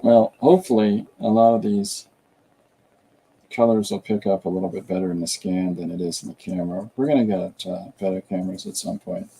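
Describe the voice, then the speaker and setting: A man's voice: deep voice, steady tone, fairly quick, dark tone, slightly rough, rough recording. A man streaming a comic drawing tutorial, rambling casually and chatting with viewers and a pet as he draws.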